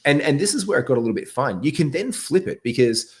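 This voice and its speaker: A man hosting a podcast, chatting casually about fantasy sports in an animated way, with quick asides and restarts. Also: medium pitch. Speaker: podcast host.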